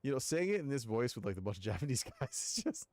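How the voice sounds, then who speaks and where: An excitable man giving casual commentary as he streams a game. His voice is animated and swings widely in pitch, and he reacts quickly with bursts of laughter. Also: no echo. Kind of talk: casual let's-play commentary.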